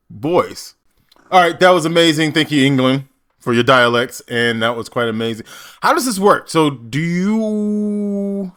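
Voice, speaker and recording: A man's voice: mid-range voice, fairly bright tone. An American man hosting a reaction video, talking casually, joking and asking his viewers questions.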